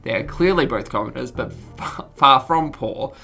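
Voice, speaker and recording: A woman's voice: rumbling low, expressive, normal speed, bright, forceful tone, husky, faint music behind. A woman streamer reading game text aloud with jokey asides, giggling and tripping over words.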